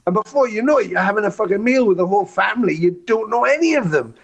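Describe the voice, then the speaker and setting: A man's voice: high voice, lively intonation, fast talker. A man, a touring musician, telling long road stories in a podcast chat, swearing casually and acting out the voices of people he quotes. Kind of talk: animated storytelling in conversation.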